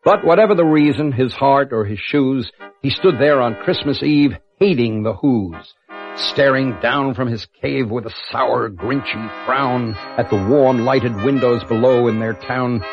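A man's voice: medium pitch, measured pace. An older man narrating a rhyming storybook in a rhythmic, playful way, building up on repeated words. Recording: dull lo-fi cassette with music.

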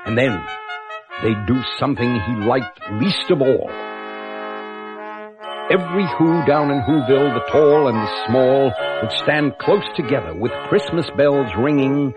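Reading a rhyming storybook aloud, an older man speaks a little slowly in a mid-range voice, keeping a playful rhythm and building on repeated words. It's captured on a dull lo-fi cassette with music behind him.

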